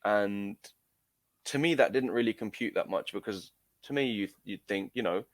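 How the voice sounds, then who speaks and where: A man's voice: on the low side, moderate pace, no echo. A young man telling a story in an interview, hesitant, with many fillers and restarts. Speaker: amateur footballer guest. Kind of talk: casual recounting in an interview.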